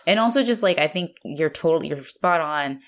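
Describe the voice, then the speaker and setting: Low-voiced chatty woman podcaster. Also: expressive, a little fast. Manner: chatty, swears freely, lots of "like". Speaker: podcast co-host. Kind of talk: casual recap chat.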